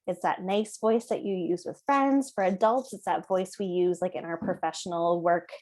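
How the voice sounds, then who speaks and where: A woman's voice: lowish voice, fairly even intonation, moderate pace, darkish tone. A woman in her thirties giving a presentation to parents. She talks conversationally, often checks in with "right?", and acts out short exchanges between parents and kids. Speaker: parenting educator.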